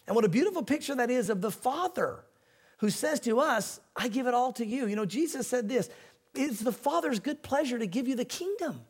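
A middle-aged man preaching a sermon as a pastor, talking in a relaxed, folksy way. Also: very high voice, fairly quick, husky. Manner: conversational, folksy preaching with quoted voices.

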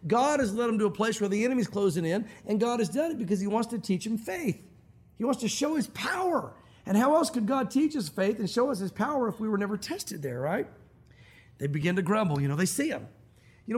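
Preaching as pastor, a middle-aged man delivers his sermon briskly in a high-pitched voice with a breathy edge. He stays animated throughout, performing the voices of those he quotes.

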